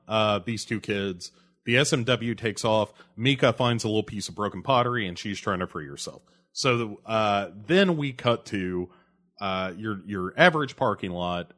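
A man's voice: fairly low pitch, a bit bright. A man hosting a podcast, recapping a movie plot in a casual, rambling way, full of fillers and awkward laughs at grim moments. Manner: rambling, heavy on fillers like uh and you know. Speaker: podcast host.

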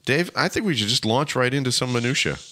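A man's voice: medium pitch, lively intonation, fast talker, pushed and bright, no room sound. A middle-aged man co-hosting a casual comedy podcast, cracking dry, wry jokes. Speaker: podcast co-host.

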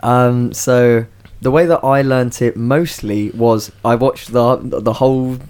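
A man's voice: mid-range voice, fairly even intonation, slow, a little mellow, smooth. A young man co-hosting a casual chat podcast, chatty, often repeating words as he talks. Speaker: podcast co-host, stage actor.

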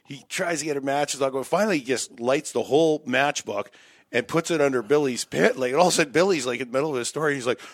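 A man's voice: mid-range voice, fast talker, no room sound, studio quality. A man casually telling a long funny story, laughing often and acting out the lines of the people in it. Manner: animated, laughs often, acts out quotes. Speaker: guest storyteller.

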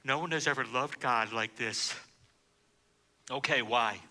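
A man preaching a sermon with dramatic emphasis, dropping to a hush and then rising loud, repeating key phrases. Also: mid-range voice, measured pace. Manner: dramatic preaching, swinging between hushed and loud. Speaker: pastor.

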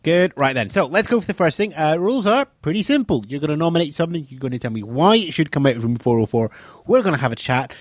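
A man's voice: on the high side, lively intonation, fast talker, no echo, clean studio sound. Playful theatrical man host. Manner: playful, dramatic delivery. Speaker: podcast host. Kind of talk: theatrical scripted intro then casual chat.

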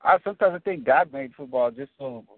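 A man's voice: mid-range voice, a little fast, no room sound. A man talking sports in a loose, rambling way, doubling back on his sentences and building up steam as he makes his case. His voice is dry and close, with narrow, phone-like sound. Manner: rambling, restarts sentences, animated when explaining. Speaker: podcast co-host. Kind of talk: casual sports chat.

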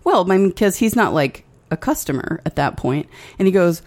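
A woman's voice: low voice, animated, moderate pace, a little mellow. A woman co-hosting a casual chat, dry and sarcastic, swearing freely. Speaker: podcast co-host.

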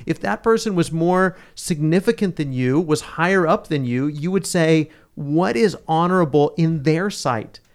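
A man's voice: fairly high pitch, lively intonation, normal speed, hardly any pauses. A man co-hosting a Bible study, explaining scripture earnestly with everyday examples in conversational chat.

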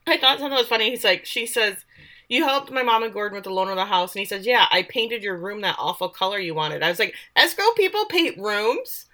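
A woman's voice: mid-range voice, quick pace, sharp tone. A woman co-hosting a casual podcast, retelling a TV episode with blunt, sarcastic asides. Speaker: podcast co-host. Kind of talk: casual recap chat.

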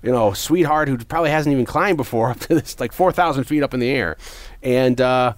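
A man in casual conversation, animatedly retelling a movie scene and loudly acting out quoted lines. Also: medium pitch, brisk, no room sound.

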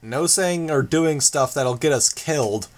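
A man's voice: a little high, unhurried, close to an everyday voice. A man reading an audiobook, voicing a crude, snide teenage boy.

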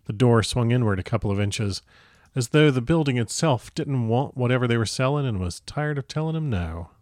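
A man hosting a podcast, reading a story aloud in an even, unhurried way. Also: mid-range voice, no echo, studio quality. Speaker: podcast host and narrator.

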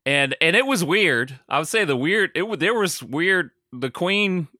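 A man's voice: on the high side, lively intonation, a little slow, bright, forceful tone, dry recording, clean studio sound. An American man co-hosting a podcast, chatting casually in a rambling, self-mocking way with lots of fillers. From United States. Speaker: podcast co-host. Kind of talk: casual chat.

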